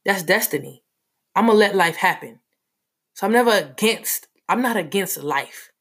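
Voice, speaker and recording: A woman telling a personal story in a casual, animated way, full of fillers. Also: medium pitch, moderate pace, breathy edge.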